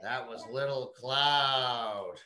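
A woman teaching young children, reading a picture book aloud in a slow, coaxing way and prompting them to repeat words. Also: a bass voice, sharp tone. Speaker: kindergarten teacher.

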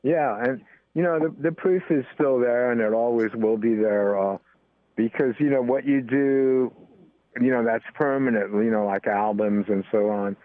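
Older American guest, rambling easy talk, dry phone-like sound. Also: male voice, mid-range voice, moderate pace, no room sound. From United States. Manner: rambling, full of "you know" fillers. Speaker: guest musician. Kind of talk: casual interview talk. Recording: tinny phone-line sound.

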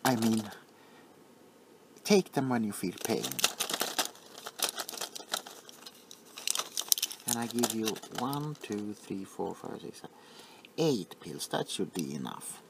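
A man playing an overly attached, sentimental pharmacist in a whispered role-play, softly fussing and apologizing. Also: on the low side, animated, measured pace, creaky, background noise.

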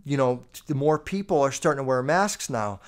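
A man's voice: mid-range voice, lively intonation, normal speed, close to an everyday voice. A man putting on the voice of his chatty middle-aged father, who rambles on eagerly.

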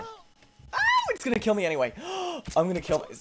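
Excitable man yelping through a game. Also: high voice, a little fast, very noisy. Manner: excitable, yelping and squealing at mishaps; playful, talks to the game characters. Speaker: gaming YouTuber. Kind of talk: let's play commentary.

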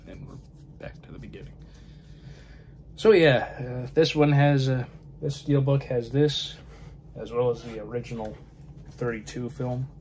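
A man's voice: medium pitch, measured pace, pauses often, a little mellow, a little hiss or hum. A man chatting casually about films, rambling and often trailing off to a murmur. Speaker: film vlogger. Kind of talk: casual film chat.

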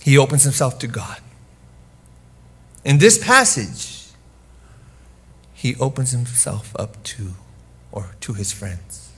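A man preaching a sermon as pastor, speaking in an intimate, hushed way that sinks to whispers and then swells into forceful emphasis. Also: mid-range voice, a little slow, slightly rough. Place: church.

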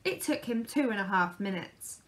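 A woman reading a children's picture book aloud in a lively, expressive way. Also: medium pitch, normal speed. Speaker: storyteller.

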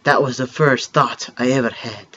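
A man voicing a solemn creature telling a creation myth, in a hushed, dramatic delivery with a mock French accent. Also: mid-range voice, fairly even intonation, normal speed, dull audio, pitched below the performer's own voice. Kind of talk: reading game text aloud.

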